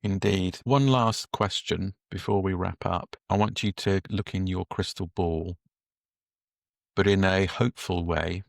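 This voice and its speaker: A man hosting an interview, asking measured, thoughtful questions. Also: low-pitched, fairly even intonation, vocal fry, dry recording, studio quality. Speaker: podcast host.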